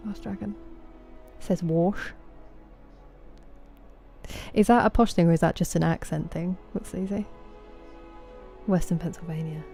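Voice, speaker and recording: Brief: woman streamer, Estuary English accent, mellow and low-ish, chatty with chat, soft game music behind. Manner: chatty, answers chat messages by name. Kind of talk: casual live-stream chat with viewers.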